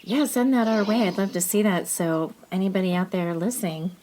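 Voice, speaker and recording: A woman co-hosting a casual podcast, animated and salty, laughing her way through stories. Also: medium pitch, fairly quick, slight background noise. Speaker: podcast co-host. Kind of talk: casual chat, storytelling. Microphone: remote call.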